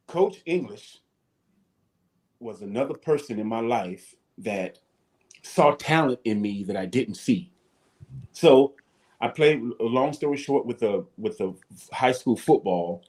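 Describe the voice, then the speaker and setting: A man, a former football player telling animated stories as a guest on a talk show. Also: medium pitch. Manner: animated storyteller, acts out his coaches and shouts. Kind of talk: storytelling in a talk-show interview.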